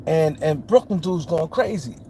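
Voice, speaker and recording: On his casual sports livestream, a man from New York City repeats points and welcomes viewers by name. His voice is on the high side and mellow, with lively intonation at normal speed, plus a little hiss or hum.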